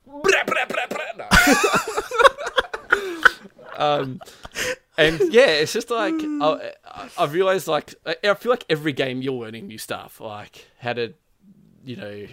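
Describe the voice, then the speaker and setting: A man's voice: on the high side, lively intonation, moderate pace, fairly bright tone. A man telling a gaming story in casual chat, rambling with lots of "like" and frequent laughs. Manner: rambling, says "like" constantly, laughs often, acts out quotes.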